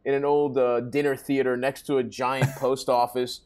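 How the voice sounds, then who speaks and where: He is a male stand-up comic chatting on a podcast. He laughs easily and keeps tossing jokes back at his co-host. His voice sits at a middling male pitch. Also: flat delivery, normal speed, darkish tone, clear, resonant tone. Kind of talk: casual comedy podcast chat.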